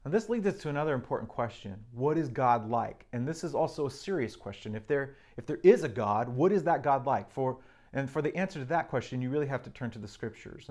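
A man's voice: medium pitch, darkish tone. A man preaching a sermon, earnestly reading and explaining scripture with emphasis.

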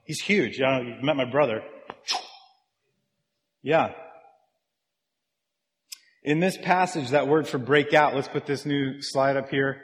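A man's voice: mid-range voice, unhurried, long pauses. A man, a pastor, giving a sermon in a conversational style and talking directly with his congregation. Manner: conversational preaching that engages the congregation. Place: church. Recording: long reverb of a large church hall.

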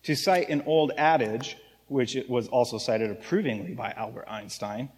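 Chatty pastor preaching in a reverberant hall. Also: male voice, medium pitch, unhurried. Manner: conversational, chatty, asks the congregation "right?". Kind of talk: sermon. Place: church sanctuary.

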